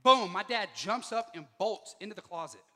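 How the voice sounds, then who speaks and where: A man giving a motivational speech to students, telling a personal story with lively delivery and acting out the dialogue. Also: sits high, normal speed, in a large hall. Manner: animated, acts out quoted dialogue. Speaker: motivational speaker. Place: school auditorium.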